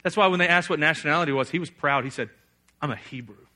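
A young man preaching a sermon, animated, often acting out a figure's angry prayer in a loud raised voice. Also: on the high side, racing.

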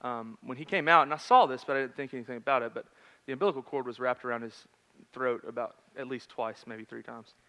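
A man in his thirties preaching a sermon in a conversational storytelling manner, swinging between loud and hushed. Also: medium pitch, fairly even intonation, fast talker, few pauses. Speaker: pastor.

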